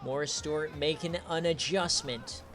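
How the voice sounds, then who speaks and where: A man giving excitable, profane play-by-play of a streamed online football game, his voice strained from shouting. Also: normal speed, faint music behind. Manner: swings from shouted calls to low, relaxed chatter. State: straining voice, says he is losing it.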